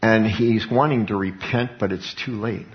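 A man's voice: on the low side, steady tone, moderate pace. A man preaching a sermon, emphatic, with rhetorical questions and repeated words. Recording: dull lo-fi recording.

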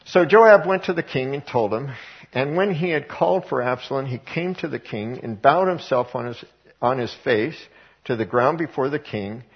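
A man's voice: medium pitch, animated, normal speed, breathy edge, dull audio. A male preacher reading scripture aloud and then explaining it in casual everyday words. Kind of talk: verse-by-verse sermon.

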